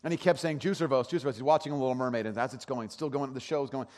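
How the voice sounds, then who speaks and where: A man's voice: medium pitch, fast talker, a little mellow. A man giving a sermon as pastor, telling a story in a conversational way with frequent restarts. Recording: long hall reverb.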